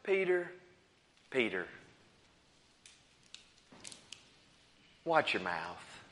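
A man voicing Jesus in a sermon retelling, speaking low, hushed and slow. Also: long reverb tail, natural voice. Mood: gently stern. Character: Jesus, calm and gently stern.

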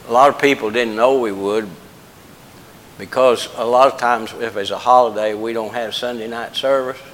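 A man's voice: mid-range voice, fairly bright tone, big-room sound, a little hiss or hum, rough recording. An older man preaching a folksy, plain-spoken sermon, joking with the congregation.

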